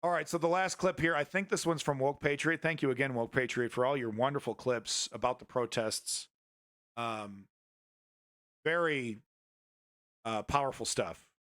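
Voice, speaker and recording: A man's voice: medium pitch, normal speed, fairly bright tone. A man hosting a casual political commentary stream, blunt and rambling, swearing freely between clips. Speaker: news commentary host.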